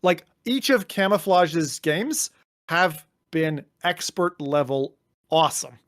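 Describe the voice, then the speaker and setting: A man's voice: fairly high pitch, expressive, slow, fairly bright tone, no echo, studio quality. A man co-hosting a podcast, chatting casually and animatedly, slipping into mock voices and swearing. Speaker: podcast co-host. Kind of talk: casual chat.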